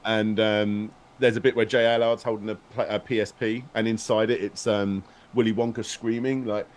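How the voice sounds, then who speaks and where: A man's voice: lowish voice, flat delivery, moderate pace. A man telling a story in a casual stream chat, rambling and restarting as he goes. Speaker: guest, video maker.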